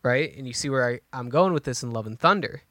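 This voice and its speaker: A man's voice: mid-range voice, expressive, quick pace, fairly bright tone, no room sound, clean studio sound. A man co-hosting a podcast, chatting casually and thinking aloud as he goes, with many restarts. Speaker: podcast co-host. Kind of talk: casual chat.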